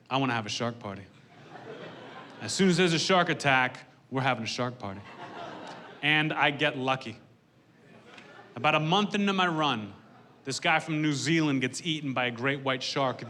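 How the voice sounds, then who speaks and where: Deadpan male stand-up with a bright tone. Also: a little high, slight background noise. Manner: deadpan, dry delivery. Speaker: stand-up comedian. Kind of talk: stand-up set on stage.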